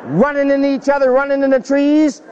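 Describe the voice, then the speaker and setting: A man's voice: very high voice, fairly quick, slight background noise. A man preaching a storytelling sermon, acting out the people in his tale. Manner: animated, acts out the people in his stories. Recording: dull recording with long hall reverb.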